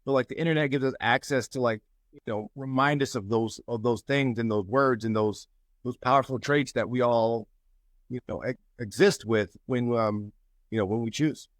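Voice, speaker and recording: A man sharing encouragement and telling a story in a casual group call, lively when he quotes people. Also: mid-range voice, normal speed, no room sound. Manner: storytelling, animated when quoting others. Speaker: mastermind group member.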